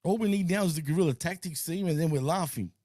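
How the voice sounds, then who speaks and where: A man's voice: on the high side, fast, a little mellow, no echo, clean studio sound. A man hosting a casual wrestling watch-along stream, laid-back and swearing, tacking "man" and "bro" onto his sentences. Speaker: host.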